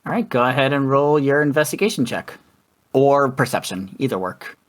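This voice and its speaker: A man's voice: medium pitch, expressive, normal speed. A man guiding players through a tabletop session, his voice rising and falling a lot. He is easygoing and laughs often. He sounds like he is on a voice call. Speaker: dungeon master. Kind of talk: narrating a tabletop game.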